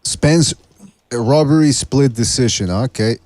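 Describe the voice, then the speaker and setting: A man's voice: mid-range voice, a little slow, a crowd in the background. A man hosting a casual call-in boxing show, often laughing and stumbling over his words. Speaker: podcast host taking calls.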